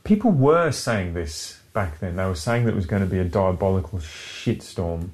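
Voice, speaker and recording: Deep-voiced swearing man. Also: expressive, moderate pace, a little mellow. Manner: rambling, swears freely, laughs often. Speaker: podcast co-host. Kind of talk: casual chat.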